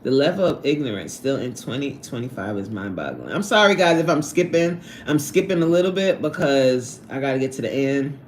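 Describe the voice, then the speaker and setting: A woman hosting a casual livestream from her workplace on a lunch break, reading out chat and laughing often in an animated way. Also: fairly quick, few pauses, echoey room, a little hiss or hum. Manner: animated, laughs often, swoops up high when excited.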